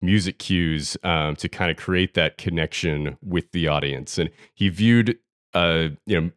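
A man hosting a film podcast, explaining at length in a relaxed way with some fillers. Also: deep voice, a little slow, smooth, dry recording, studio quality. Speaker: podcast host. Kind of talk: casual podcast discussion.

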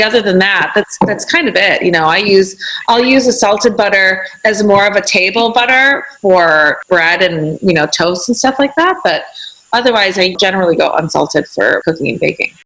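A woman chef talks through a recipe in a relaxed, matter-of-fact way. She explains things step by step, like casual advice on a podcast. Her voice sits in an ordinary middle pitch. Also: poor audio. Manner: practical, easygoing, explains step by step. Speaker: chef guest.

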